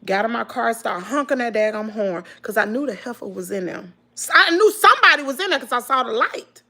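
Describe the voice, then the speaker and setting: Here a vlogger, a middle-aged woman with a Mississippi accent, talks briskly in a fairly high pitch about something emotional and personal. Her delivery is emphatic, lively and straightforward, peppered with "girl" and "y'all."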